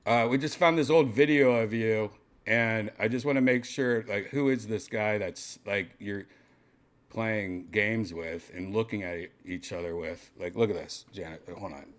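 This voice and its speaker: A man's voice: fairly low pitch, moderate pace. A man hosting a podcast, giving casual, exasperated reaction commentary and swearing often. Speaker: podcast host.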